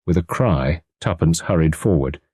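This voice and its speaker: Male audiobook narrator, low dark voice, animated delivery, dry close recording. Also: normal speed, slightly rough, dry recording. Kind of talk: audiobook narration of a classic mystery.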